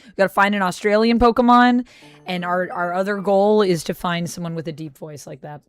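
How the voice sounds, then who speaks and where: A woman's voice: fairly low pitch, a little fast, clear, resonant tone, no echo. Chatty woman gaming host. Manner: chatty, playful, reading out viewer comments. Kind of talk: casual gameplay chat with viewers.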